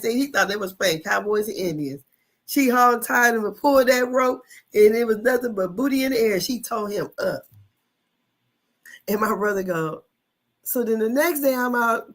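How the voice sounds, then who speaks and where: A woman's voice: medium pitch, fairly bright tone. A woman in her fifties, a podcast host telling a childhood story in casual chat, laughing often and swearing freely.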